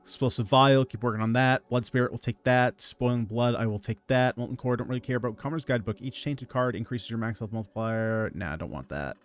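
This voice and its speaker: A man giving casual gameplay commentary, reading out item picks in a relaxed running patter. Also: medium pitch, fast talker, hardly any pauses, clear, resonant tone. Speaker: gaming video creator.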